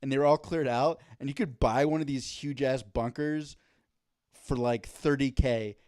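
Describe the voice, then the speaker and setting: A man's voice: mid-range voice, normal speed, clean tone, dry recording, studio quality. A man co-hosting a casual comedy podcast, telling stories and acting out quotes. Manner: animated storytelling, acts out quotes. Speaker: podcast co-host.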